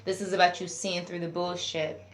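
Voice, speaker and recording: A woman's voice: lowish voice, little pitch movement, normal speed. A woman giving a casual tarot reading, chatty and talking straight to her viewers as a group. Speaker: tarot reader. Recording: roomy echo, faint music behind.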